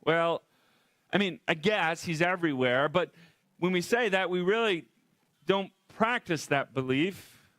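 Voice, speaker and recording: High-voiced pastor asking questions. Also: male voice, animated, measured pace, fairly bright tone, no room sound. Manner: conversational, asks repeated rhetorical questions. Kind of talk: sermon. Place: church.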